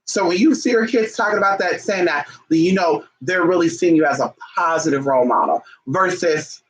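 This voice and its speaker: A man's voice: on the high side, a little fast, rough recording. A man chatting casually to camera in a sassy, chatty way, calling his viewers honey and girl, and breaking off now and then to scold his pets. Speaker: vlogger. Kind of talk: casual talking-to-camera chat.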